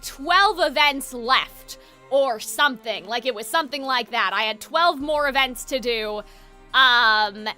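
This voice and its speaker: A woman's voice: high voice, sharp tone. A young woman streaming a game live, chatting casually with her viewers, giggling and using plenty of fillers.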